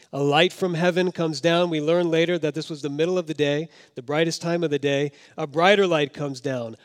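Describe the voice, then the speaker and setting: A man preaching a sermon as pastor, swinging from loud emphasis down to hushed, quiet tones. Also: fairly high pitch. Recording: long hall reverb.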